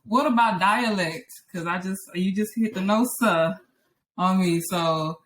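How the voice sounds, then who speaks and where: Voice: medium pitch, measured pace, a bit bright, slight background noise. Friendly interviewer asking questions. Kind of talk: casual interview chat.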